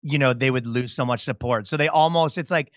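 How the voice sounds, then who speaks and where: A man's voice: medium pitch, fairly quick, fairly bright tone, no echo, clean studio sound. A Canadian man, a comedian guest in casual podcast chat, rambling, laughing often and restarting his sentences.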